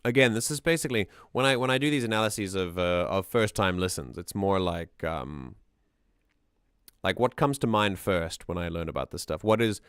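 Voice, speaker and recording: A man's voice: low-pitched, lively intonation, normal speed, a bit bright, smooth, no echo. Enthusiastic man rambling about music. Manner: enthusiastic, rambling, frequent restarts. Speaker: streamer doing music analysis. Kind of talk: casual livestream commentary.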